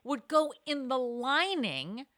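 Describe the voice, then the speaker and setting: A woman in a casual chat, expressive and quick to react, telling her own story with pop-culture asides. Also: high voice.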